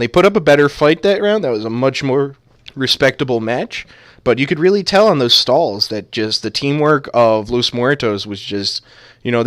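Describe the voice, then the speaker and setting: A man's voice: mid-range voice, a bit bright, dry recording, studio quality. A man casting a video game match live, trading playful jokes with his co-caster. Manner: joking, playful banter. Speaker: esports caster.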